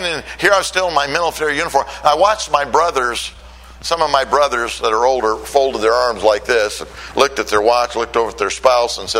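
A man's voice: mid-range voice, a little fast, bright, forceful tone, rough recording. An older man from Michigan preaching a sermon and telling his own conversion story in an earnest, storytelling way. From Michigan, USA. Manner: earnest storytelling, voice rising when emotional. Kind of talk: sermon with personal testimony.

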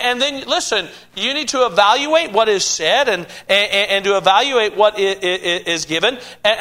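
A man preaching a sermon in a high, bright voice. He stammers and restarts phrases often, building an emphatic cadence as he drives each point home. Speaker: pastor.

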